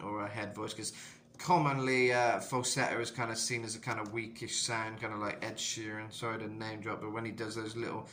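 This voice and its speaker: A man with a slightly rough throat giving a casual, rambling singing tutorial as a vocal coach, full of "you know". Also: lowish voice, level tone, a little fast, sharp tone. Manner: rambling, lots of "you know", jumps into sung demos.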